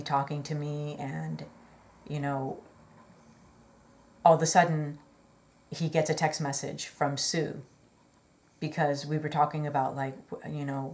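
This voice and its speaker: A woman's voice: low voice, a little mellow. A woman telling a personal story in a chatty, rambling way, earnest and full of fillers and apologetic asides. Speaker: vlogger.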